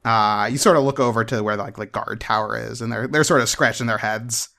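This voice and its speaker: A man narrating as game master of a tabletop role-playing game, halting with many fillers and restarts. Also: fairly low pitch, fairly even intonation, gravelly, pushed and bright.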